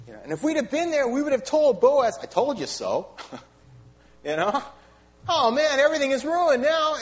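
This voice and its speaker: His voice sitting high, a middle-aged pastor delivers his sermon in a lively, chatty manner. Wry asides and rhetorical questions to the congregation run throughout.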